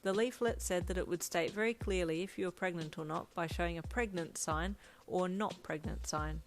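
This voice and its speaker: A woman narrating a fan story in the second person, with gentle, even storytelling. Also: fairly low pitch, moderate pace, slight background noise. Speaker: fanfiction narrator. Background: lo-fi drum loop.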